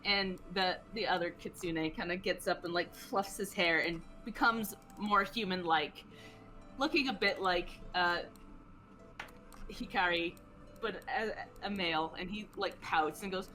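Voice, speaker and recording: A woman game master narrating a tabletop game in a relaxed, giggly way with lots of fillers. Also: on the low side, slow, faint music behind.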